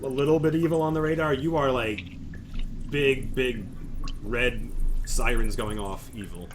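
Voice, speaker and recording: A man's voice: medium pitch, unhurried, background noise. A man running a tabletop game as game master, talking casually and playfully with rambling restarts.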